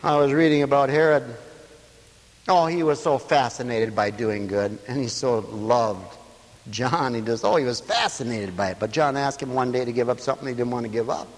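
A man preaching a sermon, telling stories in an animated way and swinging between loud passages and hushed ones. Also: medium pitch, moderate pace, long reverb tail, low-quality recording.

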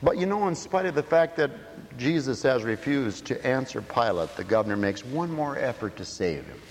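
Male preacher, lively swooping delivery, shouts at peaks, long hall reverb. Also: medium pitch, normal speed, slight background noise. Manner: emphatic, swinging from quiet asides to shouts. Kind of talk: sermon. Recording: echoey hall.

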